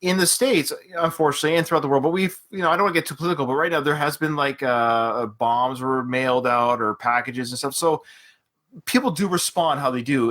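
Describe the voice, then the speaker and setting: A man from Canada hosting a film podcast in casual chat, animated and quick to quote scenes. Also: medium pitch. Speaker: podcast host.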